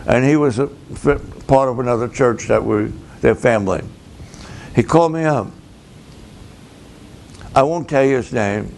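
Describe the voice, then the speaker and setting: A man, a pastor, telling a story slowly and dramatically, acting out both sides of the conversations. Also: medium pitch, creaky, a little mellow, slight background noise. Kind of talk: storytelling sermon to camera.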